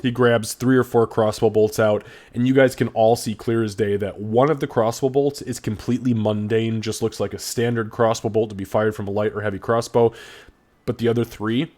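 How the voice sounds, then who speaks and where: A man narrating as game master of a tabletop game, describing scenes quickly with fillers and restarts. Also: fairly low pitch, fairly even intonation, darkish tone.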